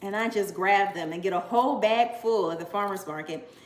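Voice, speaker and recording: A vlogger in her forties talks casually to camera, effusive and chatty, often exclaiming with emotion. Her voice is medium-pitched and brisk, recorded in an echoey room with faint ambience.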